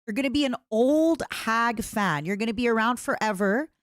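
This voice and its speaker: A woman streamer chatting casually with her viewers, rambling and animated, often restarting her sentences. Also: fairly high pitch, moderate pace, dry recording, clean studio sound. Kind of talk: casual livestream chat.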